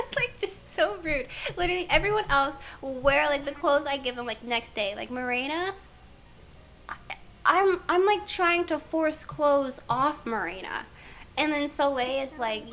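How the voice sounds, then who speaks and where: A woman's voice: sits high, animated, normal speed, a bit bright. A woman streaming a life-sim game, chatting casually and playfully while she plays and talks to the characters.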